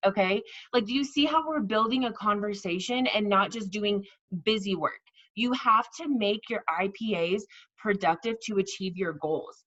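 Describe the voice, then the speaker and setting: A woman's voice: medium pitch, normal speed, fairly bright tone. Woman, casual team coaching talk, chatty, repeats points, lo-fi muffled audio. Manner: chatty, repeats herself, acts out sample messages. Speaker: network marketing team leader.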